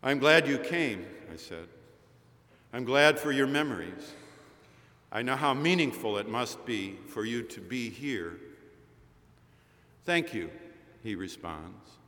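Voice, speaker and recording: A male preacher delivering a sermon as a slow, storytelling account with quoted dialogue. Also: mid-range voice, expressive, pushed and bright. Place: large chapel. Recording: chapel recording with long reverb.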